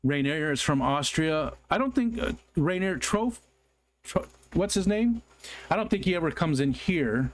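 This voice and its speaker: A man's voice: a little high, lively intonation, unhurried. Chatty man hosting a livestream. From United States. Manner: chatty, apologetic, rambling with frequent ums and restarts. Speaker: livestream host. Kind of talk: casual livestream chat, reading viewer comments aloud.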